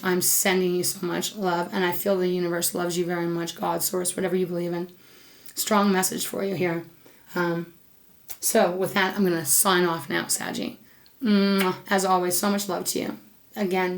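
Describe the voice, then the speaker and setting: A woman's voice: lowish voice, flat delivery, normal speed. A woman giving a tarot reading to her viewers, emotional and affectionate, gushing and repeating her words. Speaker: tarot reader.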